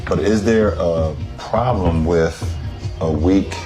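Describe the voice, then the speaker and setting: Very deep-voiced man over music. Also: slow pace. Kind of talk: casual meeting talk. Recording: clip played with music behind.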